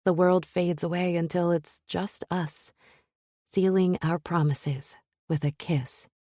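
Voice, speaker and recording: Low, soft-voiced woman narrating a romance. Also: steady tone, slow, no echo, clean studio sound. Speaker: audiobook narrator.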